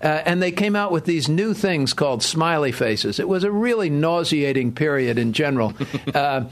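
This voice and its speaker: A man's voice: a little high, lively intonation, normal speed, few pauses. A man hosting a financial talk show in a studio, chatty and rambling with self-deprecating asides. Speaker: podcast host, financial adviser. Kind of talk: casual radio-style talk.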